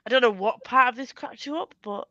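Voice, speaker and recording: A woman's voice: a little high, brisk, a bit bright, no room sound, lo-fi sound. A woman hosting a casual live stream, rambling through stories and laughing often, on a webcam mic. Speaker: livestream host. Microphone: computer webcam mic.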